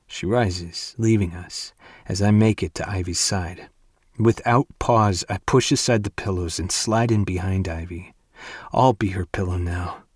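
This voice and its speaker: Husky, low-voiced male audiobook narrator. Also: a little mellow, dry recording, clean studio sound. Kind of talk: first-person romance audiobook narration.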